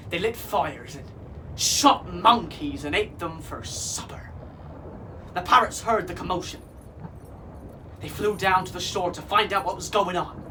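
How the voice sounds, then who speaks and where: A man reading a children's pirate story aloud in a lively, expressive way. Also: sits high. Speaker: children's show performer. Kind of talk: storybook narration for kids. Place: theatre. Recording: distant mic with faint noise.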